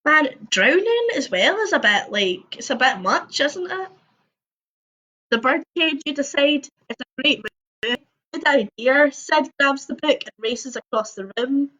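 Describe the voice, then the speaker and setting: A woman with a high, expressive voice that sounds pushed and bright reads an interactive story aloud at a measured pace from home on a livestream. Between passages she makes chatty, jokey asides, and the lo-fi audio is dull.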